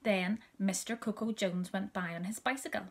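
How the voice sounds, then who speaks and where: A woman reading a children's story aloud, soft and gentle, often dropping to a whisper. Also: mid-range voice, fairly even intonation, normal speed.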